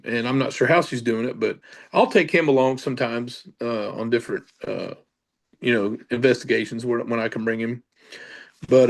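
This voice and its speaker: A middle-aged man, a paranormal investigator, telling a casual story with many fillers and restarts. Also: mid-range voice.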